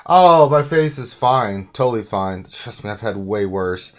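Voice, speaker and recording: A man hosting a casual livestream chat, telling stories in an excitable way and laughing often. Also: fairly low pitch, unhurried. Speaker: host.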